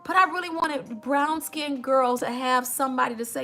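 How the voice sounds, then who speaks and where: A woman's voice: high-pitched, moderate pace, few pauses, music in the background. A woman hosts a casual makeup tutorial, chatty and emotional, talking straight to her viewers. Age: 50s.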